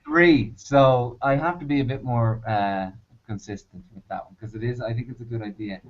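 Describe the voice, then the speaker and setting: A man co-hosting a podcast in casual chat, calm and measured with light teasing. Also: medium pitch. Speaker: podcast co-host. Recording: slightly muffled lo-fi.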